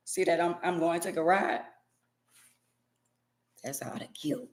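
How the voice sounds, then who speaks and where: A woman doing a comedic monologue in slang, acting out an argument between partners in loud and quiet turns. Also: fairly low pitch, a little slow, pauses often. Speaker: comedic vlogger.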